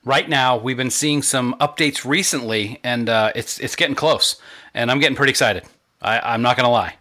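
A man's voice: medium pitch, normal speed, pushed and bright. A man co-hosting a podcast, chatting casually and telling stories with enthusiasm. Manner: enthusiastic, storytelling. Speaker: podcast co-host. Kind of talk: casual chat.

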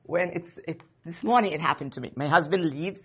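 A woman's voice: low voice, fairly quick, a bit bright, husky. A woman in her fifties preaching to a young church group in an earnest, conversational way, repeating her key phrases for emphasis. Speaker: church speaker. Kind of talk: sermon to a young congregation.

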